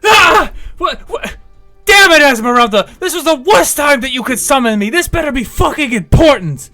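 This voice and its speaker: A woman's voice: high-pitched, animated, moderate pace, sharp tone, faint music behind, voice pushed up, heavily acted. A man voicing a furious, fire-hurling female sorceress who screams and swears in a tabletop game. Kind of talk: game master voicing a character.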